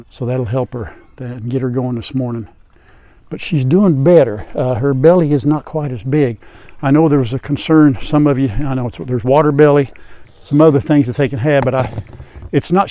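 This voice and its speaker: An older man, a farm vlogger, chatting casually and soothing his hens at the coop, often dropping to a hushed voice. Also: mid-range voice. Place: outdoors at a chicken coop. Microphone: lapel mic. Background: hens clucking, rooster.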